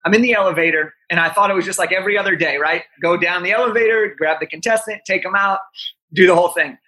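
A young man in his twenties, a podcast guest, telling an animated story with frequent "right?" asides. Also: high voice, fast talker.

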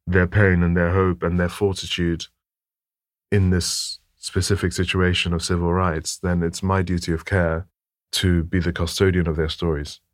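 Deep-voiced man, reflective. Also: little pitch movement, normal speed, dry recording, clean studio sound. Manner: thoughtful, repeats words as he gathers thoughts. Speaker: photographer guest. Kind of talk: reflective storytelling in an interview.

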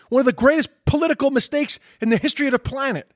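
Racing along in a very high voice, a man rants about social media posts in a clean studio recording with no echo. Indignant and sweary, he keeps repeating himself as he gets more worked up.

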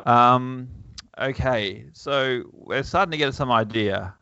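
Podcast chat from a man with a gravelly edge and a bright, forceful tone, who talks wryly and chuckles as he reads a comic aloud. The sound is dull and lo-fi. The room is dry. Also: medium pitch, slow, no echo. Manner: wry, chuckling, lots of fillers. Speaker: podcast host.

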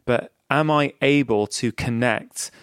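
A man's voice: medium pitch, slow pace, smooth, no echo, clean studio sound. A man who hosts an interview and works as a family doctor, talking in a reflective, thoughtful way. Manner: thoughtful, reflective, with some restarts. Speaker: host, general practitioner. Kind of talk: conversational podcast interview.

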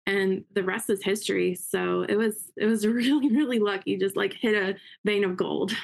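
A woman guest in an interview, telling her story in a quick, upbeat way and acting out quotes. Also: medium pitch, gravelly, a little mellow. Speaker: interview guest, realtor and investor. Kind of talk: casual interview talk.

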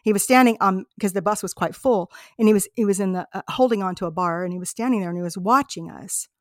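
A woman's voice: mid-range voice, fast talker, dry recording, clean studio sound. A woman hosting a podcast, telling personal travel stories in an earnest, heartfelt, reflective way. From United States. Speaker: podcast host. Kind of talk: personal storytelling monologue.

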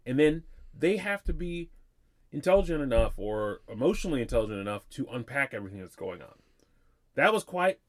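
Animated man giving his opinions. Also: medium pitch, fairly quick. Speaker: podcast co-host. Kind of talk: casual chat.

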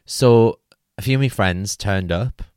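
A man's voice: on the low side, unhurried, darkish tone, clean tone, no room sound, studio quality. Chatty man telling a funny story. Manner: chatty, swearing, acts out his own panicked quotes. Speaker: podcast host. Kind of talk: comic personal storytelling.

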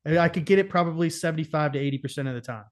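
Brief: young guy, slightly high voice, swears a lot, loose joking storyteller. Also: very fast. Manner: profane, laughing, storytelling. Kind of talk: casual chat.

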